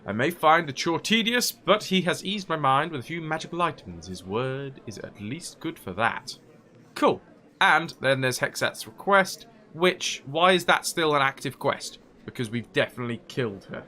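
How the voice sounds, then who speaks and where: Joking, lively man streaming a game. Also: on the high side, moderate pace. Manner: joking, chatty, laughs often. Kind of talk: casual let's-play commentary, reading quest text aloud.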